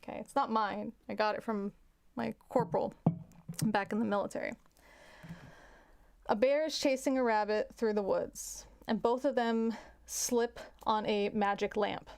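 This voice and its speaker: Gravelly-voiced woman chatting frankly. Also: a little high, fairly even intonation, unhurried, a little mellow. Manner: chatty, frank, many restarts. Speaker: livestream host. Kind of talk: casual chat with viewers.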